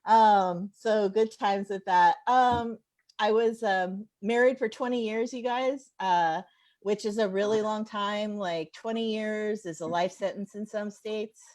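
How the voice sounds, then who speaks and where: A woman comedian in her forties doing a stand-up set, telling animated stories and laughing at her own jokes. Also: medium pitch, measured pace. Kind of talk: stand-up set over a live stream. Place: home bar.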